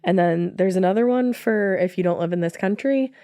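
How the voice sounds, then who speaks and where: A woman's voice: mid-range voice, a little fast, dark tone, no room sound, studio quality. A woman in her twenties co-hosting a chatty podcast, rambling and self-deprecating, congested from allergies. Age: 20s. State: congested, coughing from allergies and asthma. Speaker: podcast co-host. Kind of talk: casual chat.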